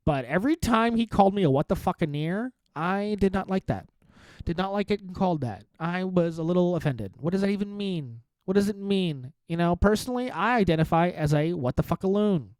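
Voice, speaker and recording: A man's voice: sits high, expressive, fairly quick, darkish tone, no echo. A man in his thirties hosting his own podcast, a stand-up comic talking in a rambling, self-mocking, profane way. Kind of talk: casual solo podcast monologue.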